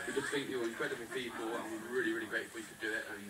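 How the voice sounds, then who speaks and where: A young groom gives a jokey, thankful speech at his wedding reception, speaking straight to the guests. His medium-pitched voice stays fairly even while he races along. The echoey hall, distant mic, and loud crowd of laughing, chattering guests fill the recording.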